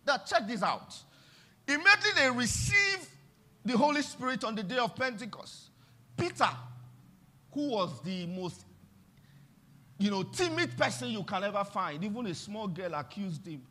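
A Nigerian pastor, a middle-aged man, preaching with a very high, bright voice that leaps all over the scale. He turns repeated lines into a sing-song chant and drops suddenly into hushed asides. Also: big pitch swings, normal speed. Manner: emphatic preaching with sudden swings between loud and soft, sing-song phrasing. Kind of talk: sermon.

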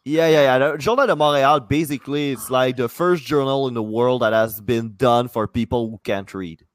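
A man's voice: mid-range voice, fairly quick, dry recording, studio quality. A man co-hosting a casual podcast, blunt and heated, swearing heavily as he rants. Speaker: podcast co-host. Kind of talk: casual chat.

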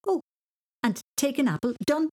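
A woman's voice: high voice, big pitch swings, moderate pace, a little mellow, voice pushed up. A woman voicing a determined, forgetful little boy who talks eagerly and emphatically. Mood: proud.

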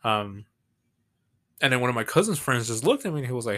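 A man in his late twenties from Texas, co-hosting a podcast and telling stories casually with halting restarts. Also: medium pitch, very animated, fairly bright tone. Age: 20s. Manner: rambling storyteller, halting restarts. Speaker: podcast co-host. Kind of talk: casual chat.

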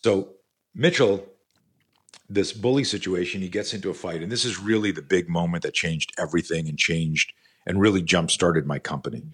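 A man in his sixties with a very deep, husky voice tells a story in an interview. He rambles with plenty of fillers and swears casually as he talks about his teaching work. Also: normal speed. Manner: animated, profane, rambling with many fillers. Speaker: self-defense instructor and company founder.

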